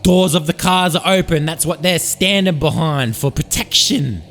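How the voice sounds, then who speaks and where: A man's voice: fairly high pitch, moderate pace, fairly bright tone, a little hiss or hum. A man hosting a podcast, telling a comic story in a rambling, profane, hyped-up way. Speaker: podcast host. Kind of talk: comedic storytelling monologue. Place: Sydney.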